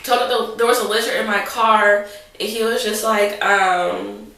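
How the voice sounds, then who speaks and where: A young woman vlogger tells a casual story to the camera, rambling and dramatic and packed with "like." Her medium-pitched voice is steady and sharp, with vocal fry and a moderate pace. The mic sits at a distance in a room with noticeable echo.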